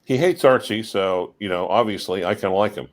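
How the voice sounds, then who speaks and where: A man chatting on a livestream, calmly recounting what he has heard. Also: fairly low pitch, brisk. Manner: easygoing storyteller, relaxed. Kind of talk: casual livestream chat.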